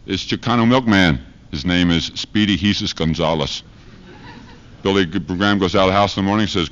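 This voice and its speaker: A man's voice: sits low, brisk, fairly bright tone. A man doing a rambling, profane stand-up monologue with rhyming chants, recorded live at a university. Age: 1970s live archive recording. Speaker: street preacher comedian. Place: university lecture hall audience. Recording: dull lo-fi 1970s live recording.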